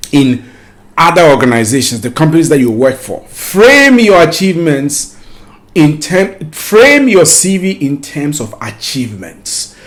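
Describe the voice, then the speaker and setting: A man giving career advice in an unscripted talk to camera, lively, often restarting and repeating words. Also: a little high.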